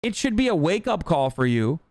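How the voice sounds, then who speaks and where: A man's voice: on the high side, very animated, normal speed, darkish tone, dry recording. A man streaming a reaction to a clip, ranting in a heated, profane, casual way.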